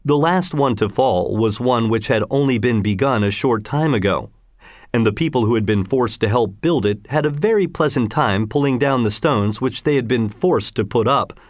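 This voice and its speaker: A man narrating a children's history story in a measured, expressive reading. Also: medium pitch, no room sound, clean studio sound.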